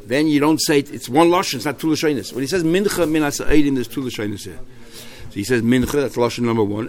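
A man teaching a Talmud text, thinking aloud and repeating phrases as he explains. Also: mid-range voice.

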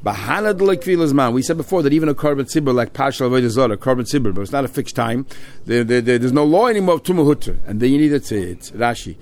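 A man's voice: medium pitch, lively intonation, quick pace, darkish tone. Man teaching a Talmud lesson. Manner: reads a text aloud and explains it line by line, with frequent restarts. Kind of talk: Talmud lesson, mixing Hebrew-Aramaic terms and English.

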